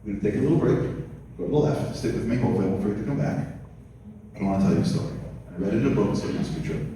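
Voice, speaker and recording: A man tells a story to a live audience, moving between near-whispered scene setting and loud, high-pitched quoted voices. He sounds far from the mic, and his voice rings through a large, strongly echoing hall with a long tail of reverb. Faint room ambience sits under his voice. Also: racing, noisy background. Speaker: guest speaker. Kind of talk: storytelling lecture. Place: community center hall. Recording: distant, very echoey hall recording.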